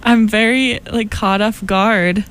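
A young woman hosting a college radio show in casual chat, a little hoarse from losing her voice, chatty and quick to laugh at herself. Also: mid-range voice, steady tone, fairly bright tone. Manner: chatty, giggly, self-deprecating. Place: radio studio. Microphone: studio microphone.

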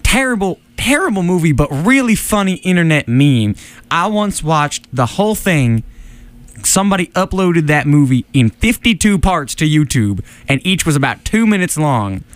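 A young man co-hosting a radio show, chatty and quick to laugh. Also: a little high, very animated, no echo. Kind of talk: casual radio banter.

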